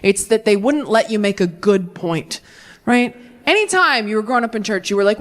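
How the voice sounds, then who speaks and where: Lively stand-up comedian woman. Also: medium pitch, a little fast, a little hiss or hum. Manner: animated, jumps between mock voices for punchlines. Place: comedy stage with a live audience.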